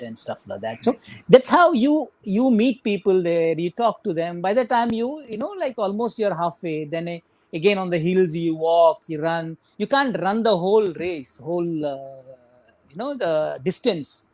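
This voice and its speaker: A man's voice: high voice, very animated, moderate pace, darkish tone, dry recording. Rambling Indian man telling a running story. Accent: Indian English. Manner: rambling, full of "you know" and "like" fillers. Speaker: guest ultramarathon runner. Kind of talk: casual storytelling interview.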